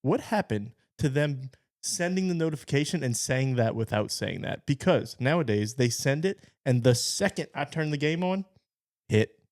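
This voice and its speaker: A man's voice: mid-range voice, expressive, normal speed, darkish tone. A man co-hosting a podcast, telling stories in a laid-back, wry way into a podcast mic while wearing headphones. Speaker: podcast co-host. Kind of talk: casual podcast chat.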